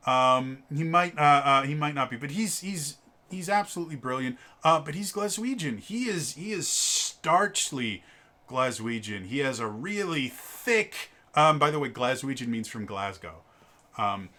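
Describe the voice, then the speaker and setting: Stammering bright-voiced man reviewing game books. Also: fairly high pitch. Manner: halting, many fillers and stammered repeats; opinionated, exasperated about stereotypes. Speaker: tabletop game book reviewer. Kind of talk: casual spoken review.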